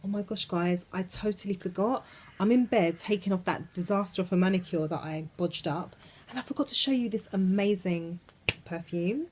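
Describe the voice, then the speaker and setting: A woman's voice: medium pitch, moderate pace, a little mellow, a little hiss or hum. A woman chatting casually to camera from her bed about perfumes, gushing and often trailing off mid-sentence. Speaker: beauty vlogger. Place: in bed at home.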